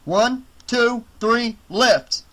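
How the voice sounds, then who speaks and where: A man doing a brisk, commanding paramedic. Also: high voice, sharp tone, voice pushed up. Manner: clipped orders, quick.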